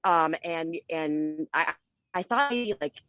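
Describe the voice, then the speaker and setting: Low-voiced woman telling a candid story. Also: slow, no room sound, muffled recording. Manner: animated, candid, with frequent fillers. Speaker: interview guest. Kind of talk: casual storytelling.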